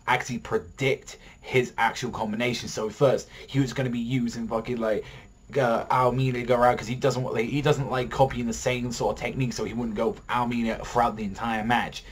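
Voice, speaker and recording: A man reviewing an anime episode in a rambling, excitable way, swearing a lot and filling his talk with "like". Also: mid-range voice, brisk, husky.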